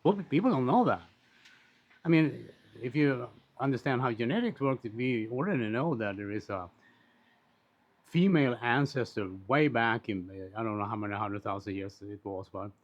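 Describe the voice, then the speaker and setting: A man talking in a casual, rambling monologue, blunt and quick to swear, with frequent restarts and asides. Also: mid-range voice, lively intonation. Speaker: commentator on social issues. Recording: dull lo-fi recording.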